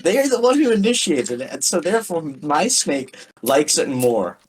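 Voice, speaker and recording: A podcast co-host in casual banter who is excitable and stammers, repeating words. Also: medium pitch, moderate pace, slight background noise, rough recording.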